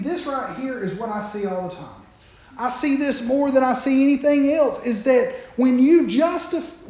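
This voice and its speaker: Animated preacher man in an echoey room. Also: extremely high pitch. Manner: animated, joking asides to the congregation. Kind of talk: sermon.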